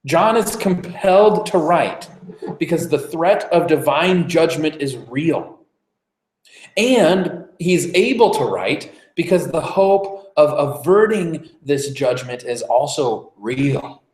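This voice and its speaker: A man's voice: fairly high pitch, animated, slow, darkish tone. A man delivering a conversational sermon as pastor, informal, with frequent fillers and restarts. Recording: roomy, echoey church room.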